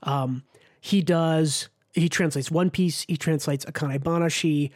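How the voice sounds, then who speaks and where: A man's voice: fairly high pitch, fairly even intonation, measured pace. A man hosting a casual manga podcast, chatty, with many ums and restarts.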